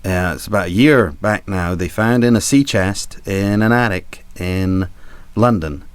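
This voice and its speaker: A man's voice: low voice, unhurried, clean tone, no room sound. Rambling, chuckling male ship captain storyteller. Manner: rambling, chuckling, swearing for laughs. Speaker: cruise ship captain telling stories. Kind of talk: comic storytelling.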